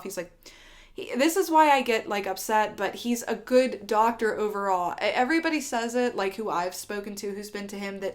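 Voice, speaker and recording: A woman's voice: mid-range voice, lively intonation, normal speed. Candid, swearing woman telling a story. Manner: candid, swears freely, rambling with fillers. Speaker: vlogger. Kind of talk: storytime vlog.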